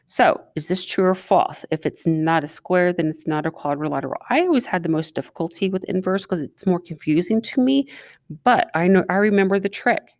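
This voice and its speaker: A woman's voice: on the low side, animated, a little fast, a little mellow, no room sound, studio quality. A woman teacher talking students through a recorded math lesson, chatting and asking them questions as she writes. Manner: chatty, asks students questions while writing.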